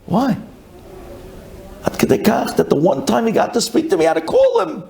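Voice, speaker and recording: A man, a rabbi, giving a sermon dramatically, swinging from loud pleading to hushed intensity. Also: extremely high pitch, wildly swooping pitch, normal speed, creaky.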